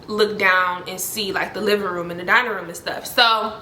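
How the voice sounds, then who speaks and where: Bright-voiced young woman telling a story. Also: normal speed, reverberant, a little hiss or hum. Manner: animated, heavy use of "like", voices other people with high pitch jumps. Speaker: storytime vlogger. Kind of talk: casual storytelling.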